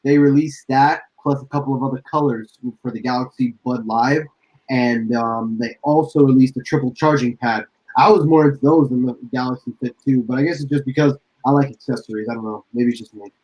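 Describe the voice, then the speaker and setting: A man's voice: mid-range voice, fairly even intonation, brisk, a little mellow. Blunt man on a dull lo-fi mic. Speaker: podcast co-host. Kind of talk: casual podcast chat.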